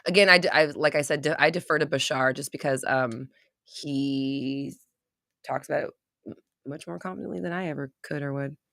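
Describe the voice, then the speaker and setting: A woman's voice: low voice, normal speed, vocal fry, a bit bright, dry recording, studio quality. A young woman hosting a casual live stream, chatting, laughing often and reading viewer comments aloud. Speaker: livestream host.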